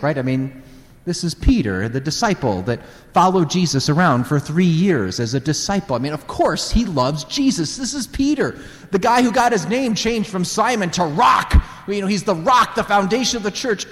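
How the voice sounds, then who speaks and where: A man preaching a sermon in an animated way, acting out dialogue and putting questions to the audience. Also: high-pitched, in a large hall.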